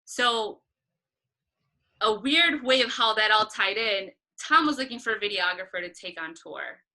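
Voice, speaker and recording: A woman concert photographer telling a story in a casual interview, animated and acting out what others said, laughing often. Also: mid-range voice, moderate pace, low-quality recording. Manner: animated, acts out quoted voices, laughs often.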